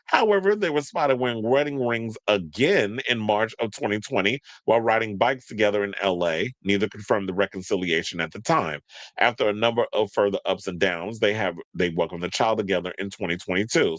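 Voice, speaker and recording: A man with a low voice hosts a gossip show, talking sassily and chatty, full of slang asides. His voice sounds close and dry, with no room around it. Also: brisk, fairly bright tone, dry recording. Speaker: celebrity gossip show host. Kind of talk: casual commentary, reading news aloud.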